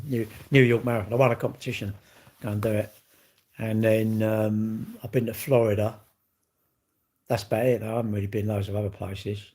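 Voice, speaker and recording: A man in his sixties hosts a live stream, chatting casually with viewers in a cheeky, bantering way and letting the odd swear word slip. His voice is mid-range and a little mellow.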